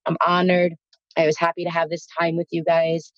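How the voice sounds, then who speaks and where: A woman's voice: lowish voice, monotone, brisk, no room sound, highs cut off. A woman from Queens with a New York accent, a spiritual guest speaking earnestly and encouragingly on a podcast. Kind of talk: podcast interview.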